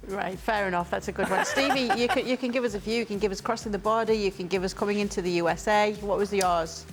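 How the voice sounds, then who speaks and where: A woman's voice: mid-range voice, faint music behind. Woman host steering a panel. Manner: brisk, passes questions to guests. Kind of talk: hosting a panel chat.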